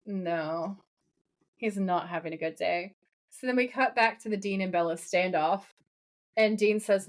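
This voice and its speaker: A woman's voice: mid-range voice, normal speed. A woman co-hosting a podcast, casually recapping a TV episode, acting out lines and swearing freely. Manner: animated retelling, acts out quoted lines, swears casually. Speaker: podcast co-host.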